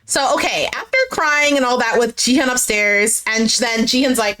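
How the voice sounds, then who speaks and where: A woman's voice: a little high, brisk, hardly any pauses, fairly bright tone. A woman chatting casually as she recaps a reality dating show, acting out what people said and swearing now and then.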